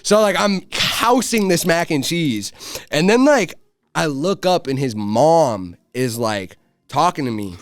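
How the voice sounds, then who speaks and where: Animated young guy telling a story. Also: on the high side, a little slow, no room sound, clean studio sound. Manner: animated, loose, swears a lot, lots of "like". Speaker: podcast guest. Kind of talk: casual storytelling.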